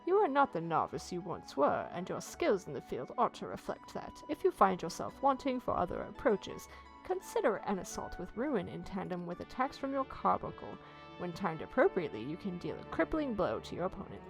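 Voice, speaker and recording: A woman's voice: lowish voice, wildly swooping pitch, brisk, gravelly, soft background music, heavily acted, low-quality recording. A woman voicing a stern male guild instructor from a game, in a plain read-aloud manner. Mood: instructive.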